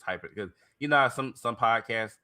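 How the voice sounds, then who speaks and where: Laid-back bright-voiced podcast host. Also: male voice, medium pitch, fairly quick. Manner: rambling, laid-back slang. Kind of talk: casual chat.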